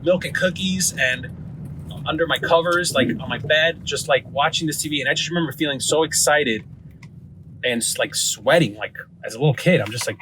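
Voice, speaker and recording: A man in his forties hosting a casual vlog from his car, talking in an excited, rambling way with lots of fillers. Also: fairly high pitch, slight background noise, poor audio. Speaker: host.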